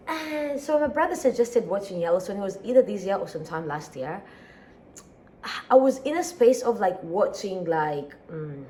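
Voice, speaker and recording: A woman's voice: mid-range voice, warm tone, a little hiss or hum. A woman with an East African accent, a tired, sleepy daily vlogger chatting casually and rambling, with frequent sighs and laughs. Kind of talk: casual chat.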